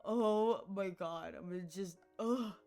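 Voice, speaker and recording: A woman's voice: medium pitch, slow, a little mellow, faint music behind. A woman streaming a game, laughing hard and squealing through casual commentary.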